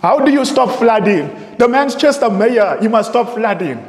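A man's voice: high voice, expressive, moderate pace. A man preaching a sermon, reading from printed sources and repeating his points with rhetorical questions. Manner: emphatic, repeats phrases, asks rhetorical questions. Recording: echoey room with long reverb.

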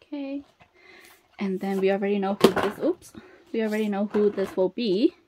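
A woman chatting casually as she unboxes, excitable and gasping at each reveal, then dropping to soft murmurs in between. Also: medium pitch, normal speed, very noisy. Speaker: unboxing vlogger.

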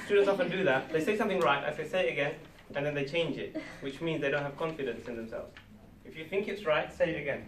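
A man's voice: a little high, fast talker, a bit bright, recorded from a distance, a little hiss or hum. Encouraging male teacher in echoey classroom. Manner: patient, coaxing, encouraging. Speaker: Arabic teacher.

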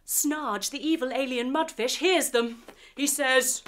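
A woman telling a guided yoga story for children, playful and animated with sound effects. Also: high-pitched, unhurried. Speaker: kids' yoga instructor and storyteller.

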